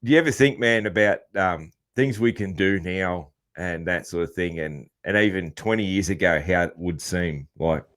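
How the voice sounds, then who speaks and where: A man's voice: sits low, moderate pace, few pauses, fairly bright tone. A man with an Australian accent hosting a casual podcast interview, laid-back and rambling. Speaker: podcast host.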